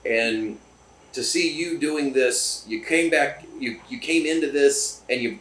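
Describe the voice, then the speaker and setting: A man's voice: medium pitch, a little slow, fairly bright tone. Chatty enthusiastic man in a roomy distillery. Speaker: podcast host. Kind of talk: casual chat. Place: distillery room. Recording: roomy, distant mic.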